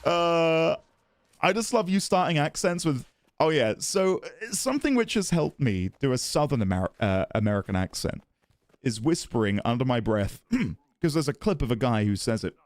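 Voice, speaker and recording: A man's voice: mid-range voice, expressive, normal speed, no echo, clean studio sound. A man chatting casually on a live stream while playing a game, giggly and self-deprecating.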